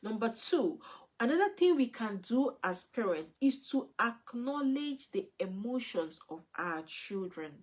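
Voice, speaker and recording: A woman's voice: on the high side, big pitch swings, a little slow. A woman, giving an earnest, repetitive live talk as a parenting coach.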